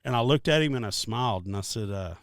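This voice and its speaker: This medium-pitched man talks fast as he tells a casual story on his podcast, profanity flowing and quotes acted out with lots of energy. He's a co-host, and the clean studio recording has no echo.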